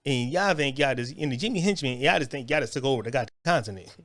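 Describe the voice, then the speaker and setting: A man's voice: medium pitch, lively intonation, quick pace, a bit bright, no room sound, studio quality. A brash American man hosting a podcast, mocking and taunting in a heated rant and stumbling over repeated words. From United States. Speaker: podcast host reacting to clips.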